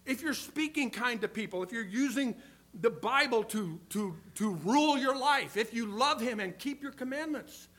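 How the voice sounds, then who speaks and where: High bright-voiced older male preacher. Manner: earnest preaching, swings between loud emphasis and quiet asides. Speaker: pastor. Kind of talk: sermon.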